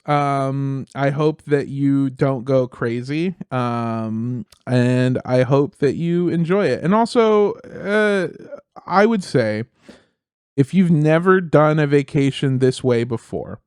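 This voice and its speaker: A man's voice: medium pitch, expressive, slow, darkish tone, clear, resonant tone, no room sound, studio quality. A young man co-hosting a podcast, chatting casually with crude jokes and lots of swearing. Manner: crude, jokey, swears often. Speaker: podcast co-host. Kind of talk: casual comedic podcast chat.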